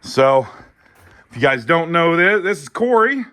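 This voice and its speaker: Animated, joking car-guy vlogger. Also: on the high side, unhurried, soft background music. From Ohio. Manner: joking, laughs often, swears casually. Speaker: channel host, car builder. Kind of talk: casual chat to camera. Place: outdoor car lot.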